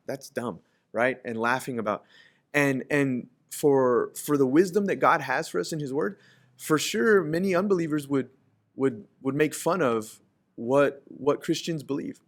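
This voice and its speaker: A man preaching a sermon as pastor, restarting phrases and letting his voice swell loud and high when he reads scripture aloud. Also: moderate pace.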